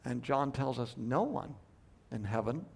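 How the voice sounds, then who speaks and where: Delivering a Bible study lecture, this man has a mid-range voice that is gravelly and slightly rough, animated yet unhurried. He hammers some words loudly and drops others to a hush, poses rhetorical questions, and reworks his phrases mid-thought.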